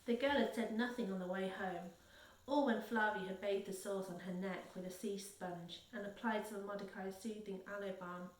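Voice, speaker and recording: A woman reading a children's novel aloud in a steady, careful way, correcting small slips as she goes. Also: medium pitch, normal speed. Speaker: reader. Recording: roomy, a little distant from the mic.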